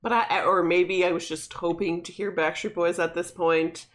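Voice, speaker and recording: A woman's voice: lowish voice, steady tone, moderate pace. A woman chatting casually on a podcast, a bit hesitant and full of fillers. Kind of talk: casual chat.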